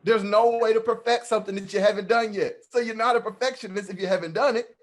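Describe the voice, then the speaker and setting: Speaking at a quick pace in a voice that sits high, a man appears as a guest at an online meetup. He delivers a motivational talk that's animated, playful, and preacher-like.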